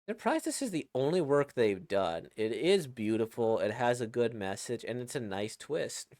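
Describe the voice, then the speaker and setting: A man's voice: medium pitch, big pitch swings, normal speed, darkish tone, no echo, studio quality. A man casually reacting to a webcomic he reads, rambling and reflective, with many fillers and restarts.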